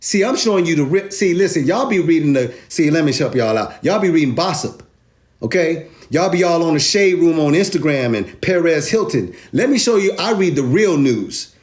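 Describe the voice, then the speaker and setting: A man's voice: fairly high pitch, moderate pace. A man hosting a crypto video, giving emphatic, slangy market commentary. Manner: animated, emphatic, streetwise slang.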